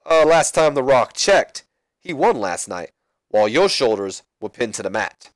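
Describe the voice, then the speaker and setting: A man's voice: mid-range voice, big pitch swings, normal speed, no room sound, lightly acted. A man voicing a cocky, boastful male wrestler who talks down to others and speaks of himself in the third person.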